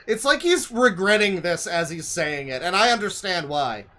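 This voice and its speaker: Man, streamer, sardonic, profane, mocking asides, a bit high-pitched. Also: lively intonation, normal speed, few pauses, pushed and bright. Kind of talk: reaction stream commentary.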